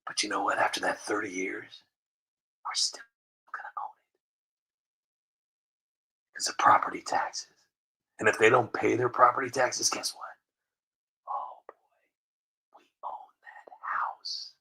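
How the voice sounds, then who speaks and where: A man voicing a scheming male government bigwig who drops into a conspiratorial hush. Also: fairly low pitch, fairly even intonation, fast, slightly rough, exaggerated voice, poor audio. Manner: conspiratorial, drops to a hushed whisper.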